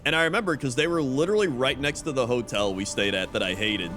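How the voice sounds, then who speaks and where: A man's voice: mid-range voice, quick pace, over music. A young man streaming, chatting casually with a rambling, profane storytelling manner. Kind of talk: casual chat.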